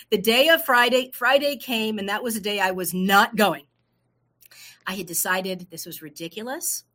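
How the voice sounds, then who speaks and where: Bright-voiced woman telling her story. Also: medium pitch, measured pace. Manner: lively, animated storytelling with quoted voices. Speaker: entrepreneur guest. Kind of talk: casual storytelling interview.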